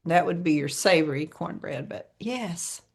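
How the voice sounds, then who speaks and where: Southern US woman, podcast co-host, lowish voice, chatty storyteller who laughs often. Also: a little slow, vocal fry, husky. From American South. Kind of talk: casual chat.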